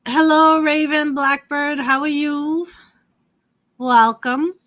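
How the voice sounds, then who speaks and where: A woman's voice: sits high, steady tone, slow pace, a bit bright. A woman hosting a casual livestream, chatting about wrestling and greeting viewers by name. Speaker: livestream host. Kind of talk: casual live wrestling commentary and chat.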